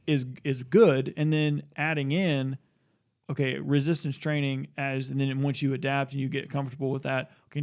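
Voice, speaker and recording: A man's voice: medium pitch, creaky, darkish tone. A man co-hosting a fitness podcast, explaining training in casual chat with many fillers and restarts.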